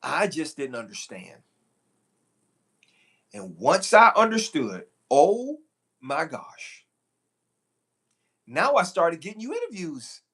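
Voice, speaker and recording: A man, a recruiter, talking live to viewers in a preachy, animated way, repeating phrases for emphasis. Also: fairly high pitch, takes it slowly, long pauses, slightly rough. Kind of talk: live stream talk to viewers.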